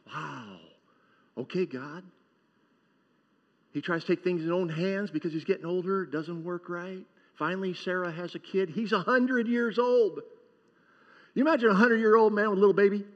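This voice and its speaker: Speaking at a normal pace, this fairly high-voiced male pastor jokes casually through his sermon and keeps calling for responses from the congregation. His words sound dull and muffled, trailed by the long echo of a big church.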